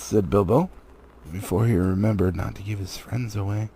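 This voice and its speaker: A man reading a children's book aloud as a hobby, with lively, animated storytelling. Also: fairly low pitch, normal speed, breathy edge. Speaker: hobby reader. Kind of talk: audiobook narration.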